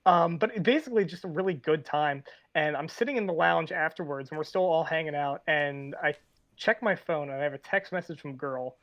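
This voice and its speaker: A man's voice: on the high side, a little fast, a bit bright. A young man, a podcast host, telling a story animatedly and swearing often. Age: young adult. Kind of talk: casual storytelling chat. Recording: dull lo-fi audio.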